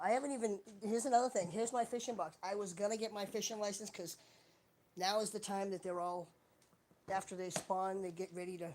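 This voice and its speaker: A woman's voice: mid-range voice, darkish tone, a little hiss or hum. Rambling, chatty woman on a home live stream. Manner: chatty, wandering, searches while talking. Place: at home, indoors.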